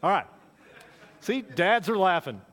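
Male pastor, sermon, slightly high voice, conversational, repeats himself, long hall reverb. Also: sing-song, unhurried, fairly bright tone. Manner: conversational preaching with repeated phrases and dramatic swings in volume. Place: church sanctuary.

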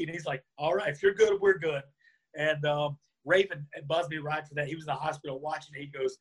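A man being interviewed, telling a lively anecdote and acting out the lines of the people in it. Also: a little high, fairly quick, husky. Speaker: interview guest. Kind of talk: storytelling in a conversation.

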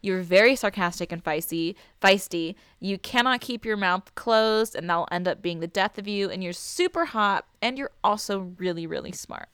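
A woman's voice: medium pitch, moderate pace, few pauses, fairly bright tone, smooth, no echo, studio quality. A woman co-hosting a podcast in casual chat, crude and playful, laughing often. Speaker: podcast co-host.

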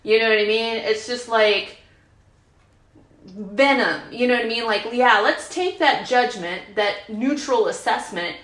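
A fairly high-pitched, fairly bright female voice proceeds at a measured pace. The speaker, in her fifties, chats candidly with plenty of fillers during a recovery group retreat, recorded imperfectly in a roomy meeting room.

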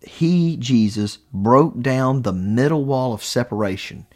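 A man preaching a sermon, reading scripture with deliberate, emphatic pauses. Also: mid-range voice, expressive.

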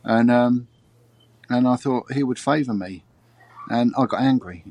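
A middle-aged man, a former detective telling a personal story in an interview, halting and repeating his words. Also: medium pitch, darkish tone. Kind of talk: emotional personal testimony.

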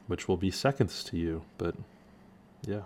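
A man with a very low voice hosts a relaxed podcast among friends. He talks loosely and jokes around, with plenty of filler words. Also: measured pace, heavy background noise. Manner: loose and jokey, with lots of "like" fillers. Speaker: podcast host. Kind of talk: casual chat.

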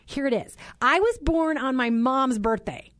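A bubbly woman in her forties hosts a Christian radio show from the studio, chatting warmly and laughing often. Her voice sits a little high, and the studio sound is close and dry. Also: expressive, unhurried, no room sound.

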